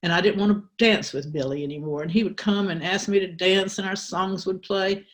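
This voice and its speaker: An older woman telling a story to a live audience in a church. Her voice sits at a middle pitch, and she speaks with a wry candor. She pauses and restarts her sentences as she remembers. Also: steady tone.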